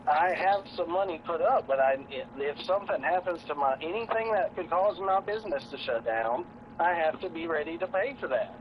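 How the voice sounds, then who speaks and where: A man's voice: on the high side, normal speed. A young man arguing back at his father, defensive and sarcastic. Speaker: adult son. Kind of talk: heated family argument. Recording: dull lo-fi sound with crowd noise behind. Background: crowd.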